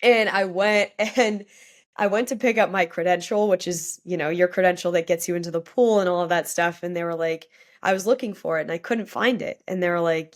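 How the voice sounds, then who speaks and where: A woman's voice: medium pitch, brisk. A young woman, a guest on a podcast, telling a personal story candidly and with feeling, often saying "like". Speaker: guest athlete.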